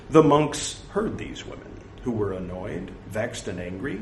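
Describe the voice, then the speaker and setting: A man giving a slow, measured scripture recital. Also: lowish voice, big pitch swings. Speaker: scripture reader. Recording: echoey room with faint hiss.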